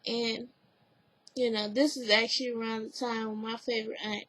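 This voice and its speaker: A woman's voice: on the high side, little pitch movement, normal speed, fairly bright tone, rough recording. A woman giving a casual spoken recap of a TV episode, rambling with lots of "like" and "you know", earnest and emotionally open. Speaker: TV recap vlogger.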